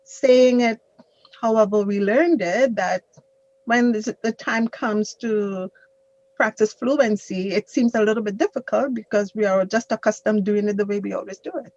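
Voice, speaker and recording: A woman teaching an English grammar class on a video call, explaining slowly and patiently with examples. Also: medium pitch, a little mellow, no echo. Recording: dull lo-fi online call audio.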